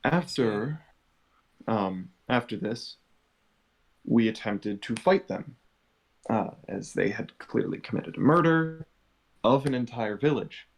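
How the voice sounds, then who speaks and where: A man speaking in character at a game table, in a mid-pitched, ordinary voice. He explains things step by step in a measured and earnest manner. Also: expressive, creaky, rough recording. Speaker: player.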